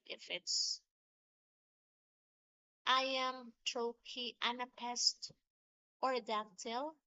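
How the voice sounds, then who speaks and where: A woman teacher walks through a poetry lesson at an unhurried pace, tapping out rhythms as she explains. Her voice is bright and a little high. The sound is dry and somewhat muffled, with a lo-fi edge. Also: dry recording. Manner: slow, patient explaining with sung-out rhythm examples. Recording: dull lo-fi sound.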